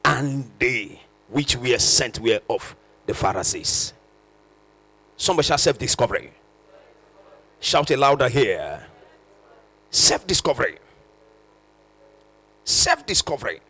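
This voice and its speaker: A pastor preaching a sermon with impassioned, shouted emphasis and repeated phrases. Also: male voice, mid-range voice, big pitch swings, takes it slowly, pauses often, slightly rough.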